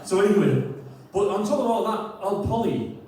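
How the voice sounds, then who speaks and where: A man's voice: sits high, big pitch swings, moderate pace, a little mellow, a little hiss or hum. A man telling a local story before a poem, chatty and hesitant, stumbling over words and making fun of himself. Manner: chatty, hesitant, self-deprecating, chuckles often. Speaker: poet and storyteller introducing a tune. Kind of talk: rambling spoken introduction. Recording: echoey room, mic far off.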